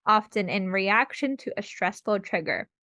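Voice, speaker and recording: A woman's voice: mid-range voice, expressive, moderate pace, sharp tone, dry recording, studio quality. A woman co-hosting a casual book podcast, summarizing a plot, chatty, with frequent "like"s. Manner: laughs often, uses "like" a lot. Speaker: podcast co-host.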